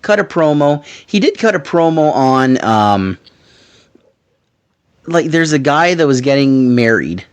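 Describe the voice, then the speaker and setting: A man hosting a podcast in casual chat, telling stories in an animated way and swearing freely. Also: fairly high pitch, a little slow, clear, resonant tone. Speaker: podcast host.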